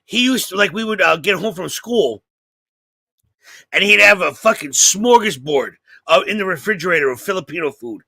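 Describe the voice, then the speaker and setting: A man with a high, gravelly voice spins a crude story as a podcast co-host. He talks in a loose, animated way and jumps into other people's voices. The sound is very bright and dry, right up on the mic. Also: moderate pace, no echo. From New York area. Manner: profane, animated storyteller who acts out quotes. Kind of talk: casual comedic storytelling.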